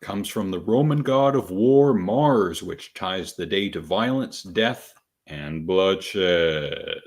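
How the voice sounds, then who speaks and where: A man co-hosting a casual podcast, reading out superstitions with deadpan, sarcastic asides. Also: low-pitched, takes it slowly, slight background noise. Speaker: podcast co-host.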